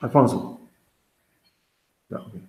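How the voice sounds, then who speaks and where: A male English teacher whose first language is Spanish, talking haltingly in an online conversation class, with many restarts and self-corrections. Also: dark tone. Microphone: video call. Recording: roomy echo.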